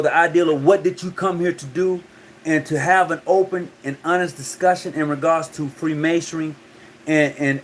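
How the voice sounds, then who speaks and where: A man's voice: on the high side, slight background noise. A man hosting a call-in talk show, talking loosely and often repeating his words.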